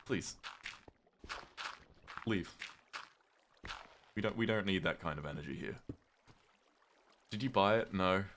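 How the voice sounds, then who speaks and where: A British man casually chatting with his viewers on a livestream, reading chat aloud, swearing freely and reacting with sudden loud outbursts. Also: deep voice, slow, long pauses, slight background noise. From Britain.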